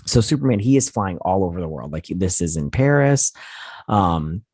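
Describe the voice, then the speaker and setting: A man's voice: deep voice, animated, normal speed, darkish tone, no room sound, studio quality. A sleepy man hosting a TV review channel, casually retelling an episode in a rambling, self-correcting way and often unsure of details. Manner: rambling, loose retelling full of "he's like" and "and everything". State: sleepy, yawning.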